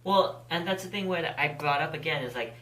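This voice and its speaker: Brisk and low-voiced with a fairly bright tone, this female podcast co-host talks casually, candid and outspoken. She swears freely and speaks with conviction.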